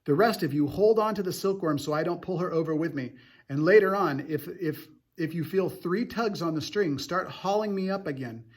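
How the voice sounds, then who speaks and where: A man's voice: on the high side, moderate pace, voice pushed up, close to an everyday voice. A man voicing a brave young boy, calling out urgently in a raised voice. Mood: determined.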